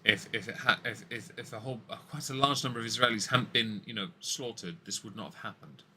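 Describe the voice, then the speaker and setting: A man's voice: on the low side, quick pace, sharp tone, a little hiss or hum. A man co-hosting a casual political commentary show, blunt and opinionated, often restarting his sentences. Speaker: podcast co-host.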